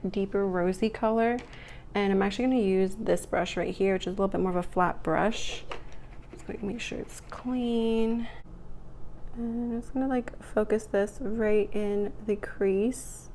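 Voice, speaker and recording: A young woman in a casual get-ready-with-me chat, talking through her makeup as she goes. Her voice has a gravelly fry and is still rough from the morning. She rambles a bit and fills gaps with "like" and "um". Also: mid-range voice, darkish tone, a little hiss or hum. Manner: chatty, rambling, lots of "like" and "um". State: morning voice, clearing throat. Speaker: beauty vlogger.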